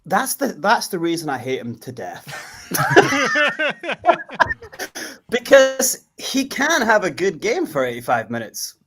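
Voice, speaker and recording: A man's voice: sits high, huge pitch swings, slow, pauses often, a little hiss or hum. A man, a fan being interviewed outdoors after a match, chatting casually and rambling with lots of laughter. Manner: laughing, rambling, sings chants loudly. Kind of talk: casual post-match chat.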